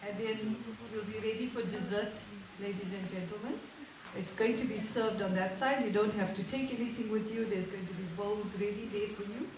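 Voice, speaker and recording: A woman emcee keeps the wedding reception moving, briskly telling guests what comes next. Her voice sits at a middle pitch and is heard from a distance. Heavy reverb and background music fill the hall. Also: fairly even intonation, crowd noise. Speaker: master of ceremonies. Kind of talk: event announcements. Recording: very echoey hall, mic far off, music behind.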